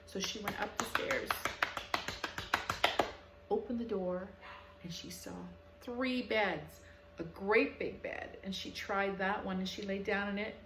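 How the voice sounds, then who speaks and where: A woman telling a children's story in an animated, expressive way. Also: medium pitch, slow pace, pauses often, noisy background. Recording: echoey room.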